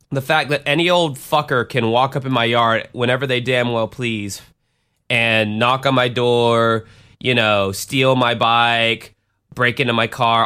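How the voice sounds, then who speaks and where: A man's voice: medium pitch, sharp tone, smooth. A man hosting a podcast, telling a profane, rambling story in a self-deprecating way. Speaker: podcast host and DJ. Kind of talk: casual storytelling.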